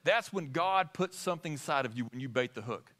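A man preaching to his congregation, keeping them involved with question after question. His voice sits high and bright, and it rises and falls widely as he goes. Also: lively intonation, a little fast. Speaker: pastor. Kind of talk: sermon. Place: church sanctuary.

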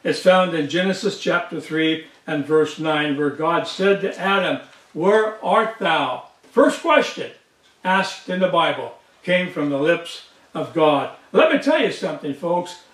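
High-voiced pastor preaching in a roomy church. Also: male voice, a bit bright, far from the mic. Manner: emphatic, repeats key lines, slows for emphasis, addresses congregation as folks. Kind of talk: sermon. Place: church sanctuary.

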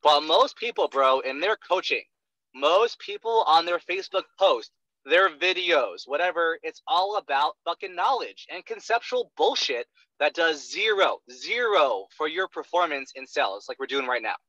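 A man's voice: fairly high pitch, very animated, moderate pace, sharp tone, no room sound. A young man coaching a trainee in sales, talking bluntly with lots of swearing and a constant "right?", on a dull lo-fi recording. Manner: profane, emphatic, keeps asking "right?". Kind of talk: blunt one-on-one coaching talk.

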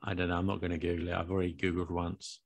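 A man's voice: sits low, monotone, racing, dry recording. A British man co-hosting a podcast in casual chat, playful and teasing, with self-mocking asides. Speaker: podcast co-host.

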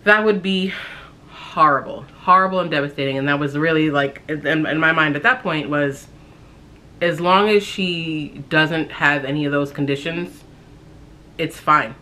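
A young woman casually telling a personal story on her vlog, talking in a halting, reflective way with frequent fillers and restarts. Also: deep voice, pushed and bright.

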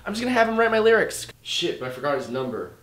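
Sarcastic high-voiced young man, roomy echo. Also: rapid-fire. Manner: sarcastic, excitable, swears often, jumps to shouting. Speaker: music producer and comedy YouTuber. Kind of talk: sarcastic comedy tutorial. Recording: roomy echo with faint music.

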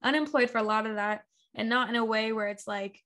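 Chatty woman telling a story, high voice. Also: fairly quick. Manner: animated storyteller, acts out quoted dialogue, laughs often. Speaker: guest, talk show creator. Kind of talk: casual interview chat.

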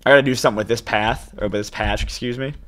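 Young guy rambling excitedly while he plays a game, desk mic, typing in the background. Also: medium pitch, quick pace. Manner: chatty, excitable, talks to viewers as "you guys". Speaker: gaming YouTuber. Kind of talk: casual let's-play commentary.

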